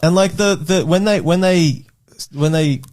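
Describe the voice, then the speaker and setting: A man's voice: high voice, measured pace, darkish tone. A man co-hosting a comedy film podcast, blunt and restarting his sentences. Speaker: podcast co-host. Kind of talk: casual comedic film review chat.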